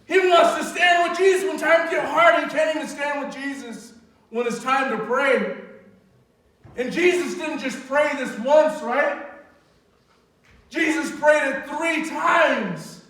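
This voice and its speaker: A woman giving an emphatic sermon to a youth group, asking rhetorical questions and sometimes shouting. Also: sits high, slow. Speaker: youth retreat speaker. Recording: very echoey hall, distant voice.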